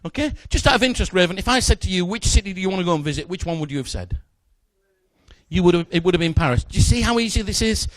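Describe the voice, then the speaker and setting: A man's voice: sits high, expressive, fast talker, no room sound. A middle-aged man doing playful, joking stage patter as a magician, chatting with a volunteer from the audience. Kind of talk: live comedy magic patter.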